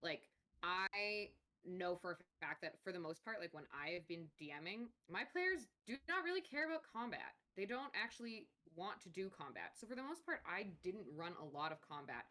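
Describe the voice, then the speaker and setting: Bright-voiced woman, frank and casual. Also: fairly low pitch, very animated, moderate pace, few pauses. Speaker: co-host and moderator. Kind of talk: casual livestream chat.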